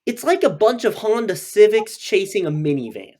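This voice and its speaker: Man, podcast co-host, slightly higher voice, dry sarcastic chat. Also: sing-song, moderate pace, a little mellow. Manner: sarcastic, profane. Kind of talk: casual chat.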